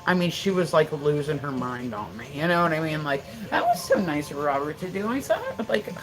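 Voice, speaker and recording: Woman, middle-aged, low pitch, casual live-stream talk, rambling, swears a lot. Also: very animated, a little fast, low-quality recording. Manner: rambling, profane storytelling; answers viewer comments aloud. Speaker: livestreamer.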